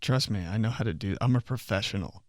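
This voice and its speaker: A man's voice: fairly low pitch, quick pace, a little mellow, dry recording, clean studio sound. A young man telling casual comic stories about himself, rambling, full of fillers and laughing at his own jokes. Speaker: comedian. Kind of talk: casual comedic storytelling monologue.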